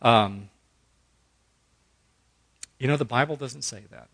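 A man's voice: mid-range voice, slow, fairly bright tone. A middle-aged man teaching a Bible study in a conversational preaching style, earnest and folksy, acting out quotes as he goes.

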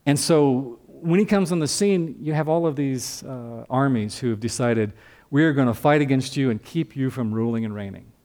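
A man's voice: mid-range voice, normal speed, a little mellow. Older male pastor teaching conversationally. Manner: conversational Bible teaching, asks the congregation questions. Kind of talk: sermon.

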